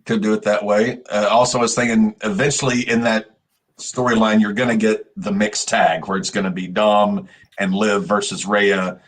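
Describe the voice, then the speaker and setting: Man, wrestling podcast co-host, casual chat, stumbling restarts, lowish voice. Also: flat delivery. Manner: halting, repeats words as he starts.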